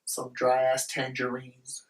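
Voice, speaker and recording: A young man hosting a podcast talks slowly in a medium-pitched voice, telling a rowdy tale with plenty of swearing and animated impressions of the people in it. He's off-mic in an echoey room, heard from a distance.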